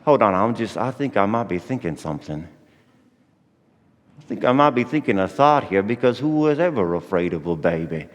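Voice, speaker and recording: In an echoey church hall, an actor performs a Christmas monologue as Joseph, a folksy, anxious young father who drawls in country grammar. His fairly low voice swings widely in pitch at a moderate pace.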